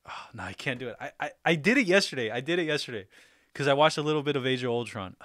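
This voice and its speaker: A man with a mid-range, slightly bright voice hosts a casual livestream, talking fast and expressively with viewers. Easygoing and upbeat, he laughs often and speaks loosely with fillers and restarts, in clean studio sound with no echo.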